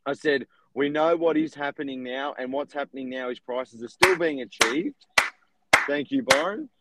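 A young man, a real estate agent and podcast co-host, telling stories in an animated, casual way. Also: medium pitch, moderate pace, very noisy. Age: young adult. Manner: animated storytelling with laughs. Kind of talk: casual chat.

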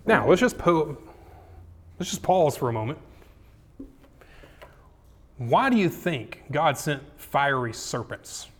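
A man preaching a casual, jokey sermon, acting out scripture quotes with dramatic swings in loudness and pitch. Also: big pitch swings, slow pace, long pauses, husky. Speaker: pastor.

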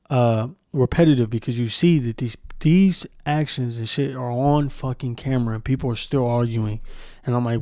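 A young man hosts a solo podcast and launches into a heated rant full of heavy profanity and mocking impressions. His voice is medium in pitch with a dark tone, captured dry with studio quality.

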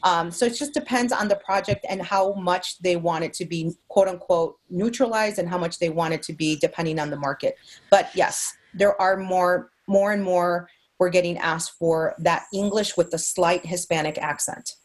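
A woman's voice: on the low side, moderate pace. A woman from Mexico with a light Mexican accent, a voice actor guest talking earnestly and thankfully, thinking aloud on a podcast roundtable.

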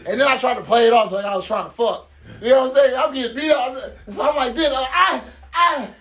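High-voiced man laughing through wild stories. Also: fast talker. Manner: laughing, profane, animated storyteller. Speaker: podcast host. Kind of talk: casual chat, storytelling.

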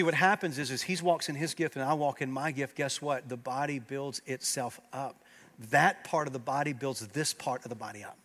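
A man preaching a sermon as pastor, swinging from loud emphatic peaks to quiet, earnest low passages. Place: church sanctuary.

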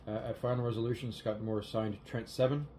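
A man co-hosting a podcast, delivering news in a measured, halting way with many fillers. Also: mid-range voice, fairly even intonation, warm tone. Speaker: podcast co-host. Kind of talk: casual chat. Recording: faint background noise.

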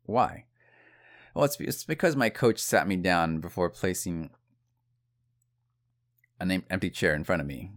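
A man's voice: low-pitched, a little slow, long pauses. A man telling a personal story to viewers in a casual, conversational monologue, with asides and restarts.

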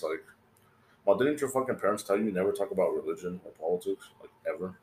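A man's voice: low-pitched, expressive, fast talker, a little mellow, echoey room, slight background noise. A man hosting a podcast in casual, profane chat, rambling and acting out what his friends said. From California. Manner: rambling, swears a lot, acts out quoted friends. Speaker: podcast host.

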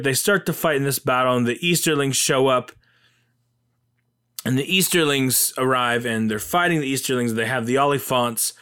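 Enthusiastic rambling man, smooth voice. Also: mid-range voice, fairly bright tone. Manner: enthusiastic, rambling with many fillers. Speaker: film commentator. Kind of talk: casual retelling of a film.

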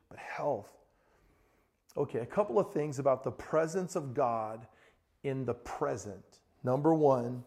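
A middle-aged man preaching a sermon as pastor, telling family stories in an animated way. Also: mid-range voice. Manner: storytelling, animated, rises to excited shouting in anecdotes.

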